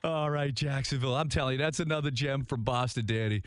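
A man in his fifties hosting a radio talk show, chatting casually and in a lively way. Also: mid-range voice, fast talker, no echo, studio quality. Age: 50s. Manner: lively, easily cracking up.

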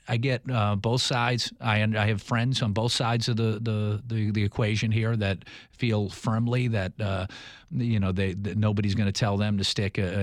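A man's voice: fairly low pitch, dry recording, clean studio sound. A man in his fifties hosting a talk show, rambling and earnest with many restarts. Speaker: radio show host.

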